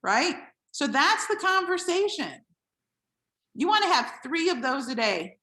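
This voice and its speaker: A woman giving an animated, playful motivational talk to her team, acting out quoted voices. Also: high voice, measured pace, echoey room. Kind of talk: motivational live video talk.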